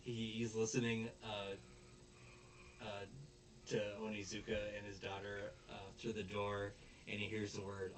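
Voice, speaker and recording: A man's voice: lowish voice, monotone, a little slow. A man casually recapping an anime episode in a rambling way, full of fillers. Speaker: podcast host.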